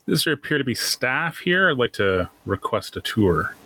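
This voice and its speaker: Husky-voiced man playing a tabletop game. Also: mid-range voice, sing-song, moderate pace, pushed and bright. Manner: hesitant, with many fillers. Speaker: player. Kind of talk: casual chat in a tabletop game.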